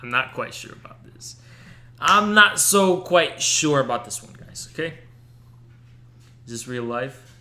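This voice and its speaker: A man's voice: mid-range voice, bright, forceful tone. A male streamer hosting a live stream, full of crude trash talk and taunts. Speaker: streamer host.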